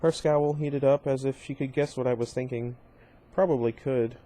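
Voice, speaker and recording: A man's voice: mid-range voice, steady tone, normal speed, warm tone. Man casually reading a novel aloud. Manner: informal, with slips, restarts and brief asides. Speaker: reader.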